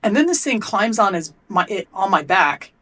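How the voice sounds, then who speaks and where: A woman's voice: medium pitch, moderate pace. A middle-aged woman, an athlete and coach, telling a story bluntly and with lots of swearing as a podcast guest. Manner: blunt and profane, animated retelling. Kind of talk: candid storytelling in a podcast interview.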